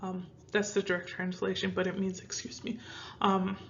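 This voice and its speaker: A woman's voice: medium pitch, monotone, moderate pace. Midwestern girl from minnesota chatting thru a spanish lesson, lots of ums, kinda muffled lo-fi audio. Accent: American Midwest. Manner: chatty, rambling, with many fillers. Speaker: Spanish teacher. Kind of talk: casual language lesson.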